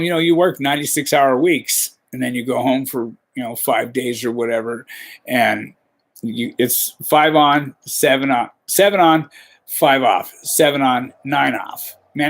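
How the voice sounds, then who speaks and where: A man hosting a podcast, telling a rambling, profane work story in casual talk. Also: medium pitch. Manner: profane, rambling, peppers with "you know". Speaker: podcast host.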